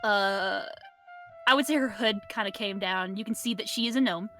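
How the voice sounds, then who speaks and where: A woman's voice: mid-range voice, moderate pace, fairly bright tone, faint music behind. A woman narrating as game master in a casual tabletop game, chatty and full of fillers.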